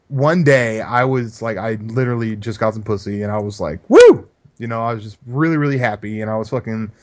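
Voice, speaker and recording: Laid-back rambling podcast man. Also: mid-range voice. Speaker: podcast co-host. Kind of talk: casual profane chat.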